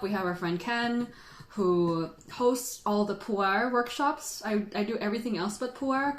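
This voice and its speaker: A chatty woman hosts a casual livestream, rambling freely and laughing often. Her voice sits at a middle pitch and rings with a roomy echo. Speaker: tea livestream host.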